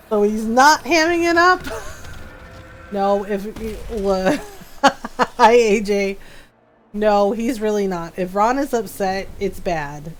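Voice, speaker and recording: A woman's voice: medium pitch, slow, long pauses, slight background noise. A middle-aged woman livestreaming a video game, chatting casually and telling family stories with frequent laughter. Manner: chatty storytelling, laughs often. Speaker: game streamer.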